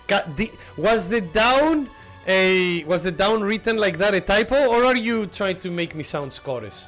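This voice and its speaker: Animated man streaming a game. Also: high voice, faint music behind. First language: not English. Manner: excitable, chatty, quick to laugh and swear. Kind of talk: live gameplay commentary.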